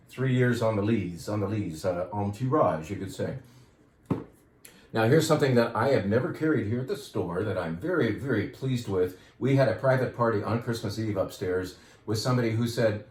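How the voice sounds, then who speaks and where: A man's voice: lowish voice, a little mellow. A middle-aged man who runs a wine shop, talking casually and enthusiastically to customers, with wry asides. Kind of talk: casual product talk to customers. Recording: roomy echo.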